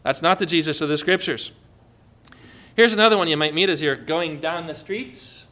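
A man's voice: fairly high pitch, normal speed, pushed and bright. A man preaching a sermon as pastor, emphatic and often putting questions to the congregation.

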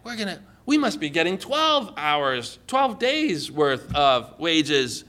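A preacher doing a bunch of astonished male laborers, their voices jumping high and sharp with disbelief. They exclaim in a bright, piercing tone, as he acts out the scene in his sermon. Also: sing-song, takes it slowly, heavily acted. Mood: amazed, excited. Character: astonished male day laborers, eager and excited.

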